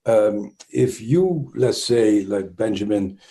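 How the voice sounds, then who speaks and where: A man's voice: lowish voice, animated, slow, mellow. A man with a Dutch accent, a trauma expert speaking as an interview guest, explaining thoughtfully with frequent restarts and fillers.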